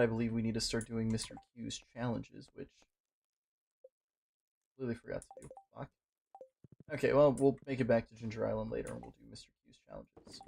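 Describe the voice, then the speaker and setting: Gravelly, foul-mouthed gaming man. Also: medium pitch. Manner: profane, excitable, talks to the game. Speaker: gaming streamer. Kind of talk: casual gameplay commentary.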